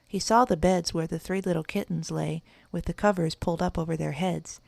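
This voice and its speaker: Gravelly woman reading a storybook. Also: fairly low pitch, steady tone, brisk, darkish tone, no echo, studio quality. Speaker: narrator.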